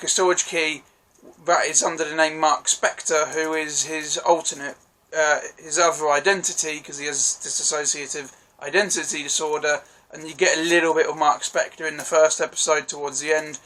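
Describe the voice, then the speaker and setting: A slightly high-voiced man chats through a TV episode review in a loose, unscripted way. He rambles with enthusiasm and keeps stopping to correct himself. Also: fairly bright tone, rough recording. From United Kingdom. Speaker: TV review vlogger. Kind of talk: casual spoken review.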